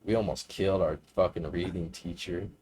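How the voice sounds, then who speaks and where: A man's voice: low-pitched, steady tone, moderate pace, a little mellow, slight background noise. A man in his twenties, a podcast co-host, telling rambling, profane stories in casual chat and laughing often.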